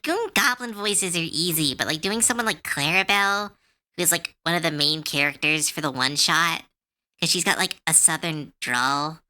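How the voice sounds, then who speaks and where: A female artist streamer chats casually on a livestream while she draws. Her voice is on the low side, and she talks in a chatty, animated way full of fillers and restarts.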